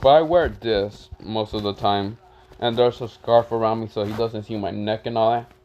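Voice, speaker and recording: A man's voice: lowish voice, steady tone, normal speed, a little mellow, dull audio. A man casually telling a made-up fan story, rambling with lots of fillers. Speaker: channel host telling a story.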